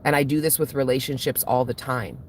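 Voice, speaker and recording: A woman's voice: rumbling low, steady tone, fairly quick, slight background noise. A woman who reads tarot for her channel, venting casually to her viewers in a blunt, heavily cursing way that keeps building into outbursts. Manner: blunt, heavy swearing, emotional outbursts. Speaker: tarot reader and channel host.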